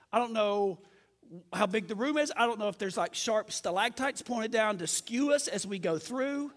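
A man preaching a sermon, telling a story in a lively, self-mocking way. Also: high-pitched, moderate pace, in a large hall.

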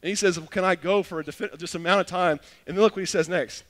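A middle-aged man preaching a sermon as a pastor, animated and acting out little dialogues in different voices. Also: sits high, quick pace. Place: church sanctuary. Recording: long hall reverb.

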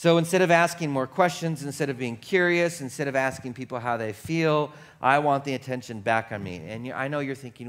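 A man delivers a sermon from the pulpit in a loose, chatty way. He teases himself, leans into playful repetition and laughs along with the room. His voice sits at an ordinary middle pitch. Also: brisk, few pauses, fairly bright tone. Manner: conversational and self-deprecating, with playful repetition and laughter. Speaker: pastor. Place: church sanctuary.

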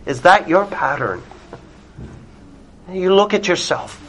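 Slow, emphatic male preacher. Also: sits high, lively intonation, slight background noise. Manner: deliberate, emphatic, drops very soft on key words. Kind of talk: sermon. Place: church with a small congregation.

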